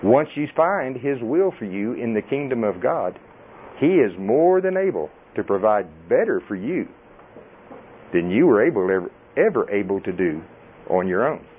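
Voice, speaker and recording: Middle-aged male preacher, folksy and animated, mid-range voice on tinny audio. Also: medium pitch, normal speed, slight background noise. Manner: folksy and animated, laughing often. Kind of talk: sermon.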